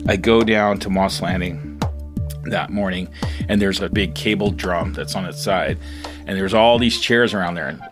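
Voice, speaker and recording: A middle-aged man, a fisherman, telling his own story in a rambling, animated way, often laughing as he talks. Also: low voice. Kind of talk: casual storytelling interview.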